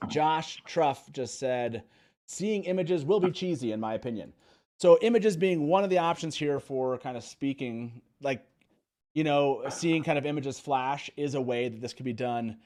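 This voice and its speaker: A man's voice: mid-range voice, darkish tone. A man hosting a live call-in fan show, chatting casually and laughing often. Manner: laughs often, quick asides. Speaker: host.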